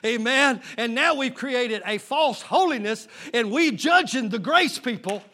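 A man's voice: very high voice, lively intonation, unhurried, sharp tone. A man, a pastor, preaching a fervent sermon with call-and-response to his congregation.

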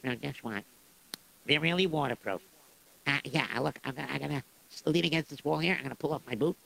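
A man's voice: a little high, a little fast, gravelly, background noise. A man playing a poor, meek shoemaker who stammers and hesitates. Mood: eager.

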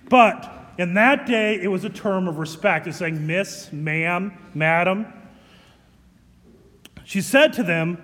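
Slow-speaking preacher man in an echoey hall. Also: high voice, a bit bright. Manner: conversational, dramatic retelling with asides. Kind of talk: sermon.

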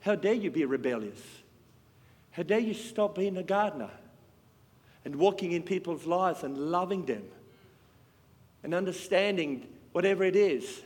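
A man preaching a sermon with passion, swinging between loud and hushed. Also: high-pitched, animated, moderate pace, pauses often. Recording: long hall reverb.

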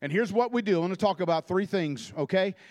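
A man's voice: sits high, animated, fast, a little mellow. A man, preaching a fervent sermon as a guest preacher in a church. He repeats phrases and stammers through restarts as he builds his points. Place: church sanctuary.

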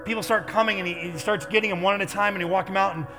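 A man preaching a sermon as pastor, telling stories in an animated way that builds to loud intensity. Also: high voice, rapid-fire, over music.

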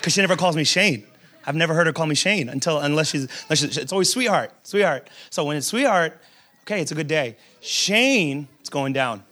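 A man who is a pastor, preaching a sermon in a lively, humorous storytelling way, acting out quotes and repeating words as he builds a point. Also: on the high side, very fast.

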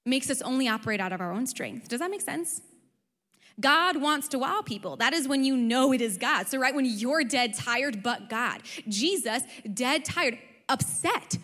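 A young adult woman pastor preaching a sermon, conversational and animated, with frequent rhetorical questions. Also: on the high side. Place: church auditorium. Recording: long reverb of a large hall.

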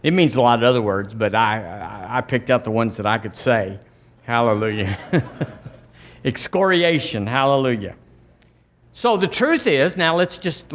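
A middle-aged man preaching a sermon as pastor, folksy and conversational with quick asides. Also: mid-range voice.

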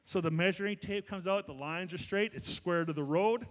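A man preaching a sermon as pastor, building to loud, fervent exhortation. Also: sits high, moderate pace, long reverb tail.

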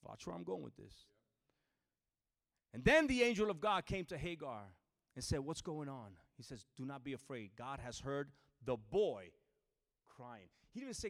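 Male preacher, high voice; dynamic sermon delivery, shouts then drops to a hush. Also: sing-song, moderate pace, vocal fry. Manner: swings from shouting to hushed near-whispers.

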